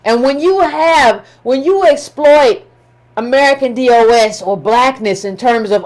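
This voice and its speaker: A woman's voice: high-pitched, animated, moderate pace, darkish tone. A woman giving impassioned political commentary, emphatic and scolding, with colloquial phrasing and repetition.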